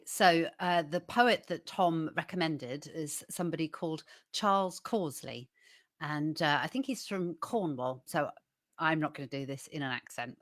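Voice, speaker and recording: A woman co-hosting a casual online show, chatting and laughing easily and reading a poem aloud at a steady pace. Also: low voice.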